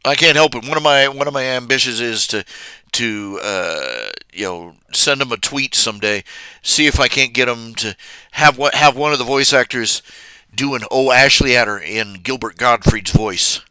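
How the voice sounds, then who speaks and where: Male streamer, slow halting casual chat, lively pitch, crisp dry voice. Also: no echo. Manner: rambling, halting, many fillers and restarts, chuckling storyteller. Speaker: live streamer.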